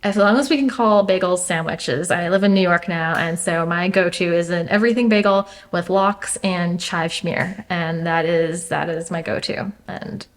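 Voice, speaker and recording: A woman's voice: on the low side, normal speed, few pauses. A young adult woman chatting as an interview guest, thoughtful, with many fillers and restarts. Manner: thoughtful, frequent fillers and restarts, laughs easily. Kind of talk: casual interview chat.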